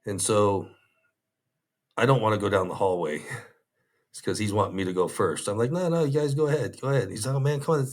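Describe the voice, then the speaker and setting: A man's voice: lowish voice, brisk, long pauses. A man telling a story from his undercover days in an interview, quoting what others said. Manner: animated retelling, quoting others in raised voices.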